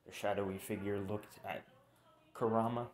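A man's voice: fairly low pitch, fairly even intonation, normal speed, a little mellow. A young man casually narrating a fan story, rambling and correcting himself with informal asides. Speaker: channel narrator.

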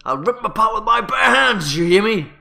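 A man voicing an enraged village husband in a game, loud, fierce and threatening. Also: medium pitch, animated, moderate pace. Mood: furious. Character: furious protective village husband, hot-tempered.

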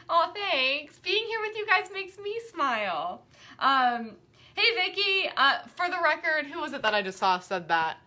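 A woman hosting a live-streamed quilting class, bubbly and excitable, chatting and easily sidetracked. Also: sits high. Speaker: quilting teacher and host.

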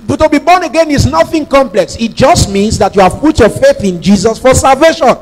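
A man's voice: very high voice, expressive, a little fast, faint music behind, rough recording. A man preaching a sermon as pastor, emphatic, repeating phrases and prompting the congregation to say lines back.

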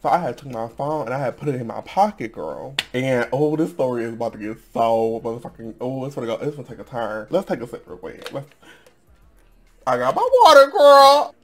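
A man in his twenties telling a storytime vlog to camera, sassy and profane, laughing often and calling viewers girl. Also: mid-range voice. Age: 20s. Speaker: storytime vlogger. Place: at home in front of a camera.

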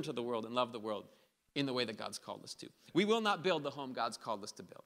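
A man's voice: mid-range voice, expressive, fast, a bit bright. A man preaching a sermon as pastor, passionate and building to emphatic peaks, acting out quoted speech. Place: church hall. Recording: reverberant hall.

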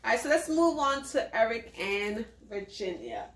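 A woman co-hosting a casual reality show review, animated and laughing often as she acts out quotes. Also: a little high, normal speed, far from the mic. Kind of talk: casual chat. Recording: echoey room, away from the mic.

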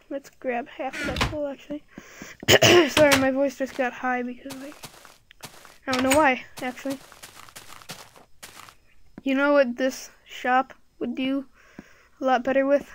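A woman's voice: high-pitched, flat delivery, slow, long pauses. A woman giving casual commentary while playing a game, rambling and thinking aloud with lots of fillers, recorded on a computer microphone. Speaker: gameplay video creator.

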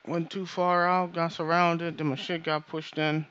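A man's voice: a little high, flat delivery, measured pace, a bit bright, lo-fi sound, slight background noise. A man casually commentating a shooter game as he plays, swearing and trash-talking the enemies. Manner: profane, frustrated trash talk at enemies. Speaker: gameplay streamer. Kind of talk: casual let's-play commentary. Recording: game music playing underneath.

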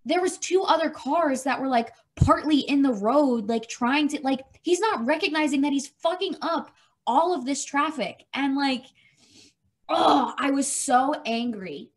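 A woman co-hosting a podcast, telling a story in a lively, profane, casual way. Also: high voice, unhurried. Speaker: podcast co-host. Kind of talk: casual chat.

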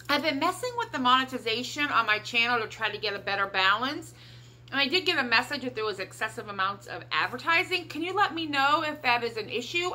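A woman's voice: fairly high pitch, bright, forceful tone. A middle-aged woman with a Midwestern American accent chatting casually in a haul vlog, upbeat and rambling, talking around a cough drop. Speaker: vlogger.

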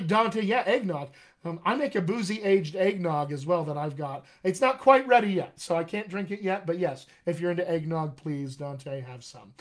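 A man's voice: high-pitched, animated, normal speed. An American man, a dialect coach, chatting casually and rambling to viewers on a live stream, calling them by name. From United States.

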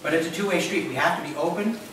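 In a church sanctuary, a pastor with a fairly high-pitched voice talks quickly through a chatty sermon, joking with his congregation along the way. The audio is noisy and echoey, with his voice sounding far off.

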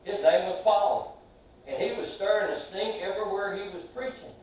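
A man preaching a sermon. He swings between loud, drawn-out shouts and soft asides, and he questions the congregation and has them repeat lines back to him. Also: sits high, far from the mic, slight background noise. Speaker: pastor. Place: large church sanctuary. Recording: very echoey hall, heard from afar.

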